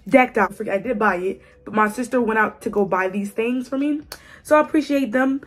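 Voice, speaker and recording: A young woman in her twenties chatting casually to camera as a beauty vlogger, her voice raspy from a cold, playful and teasing. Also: fairly high pitch, normal speed. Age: 20s. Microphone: phone camera.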